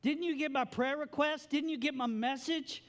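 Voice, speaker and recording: A man's voice: very high-pitched, steady tone, voice pushed up. A man voicing a hurt, indignant grieving woman who fires off one accusing complaint after another. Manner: exasperated, accusing rapid complaints.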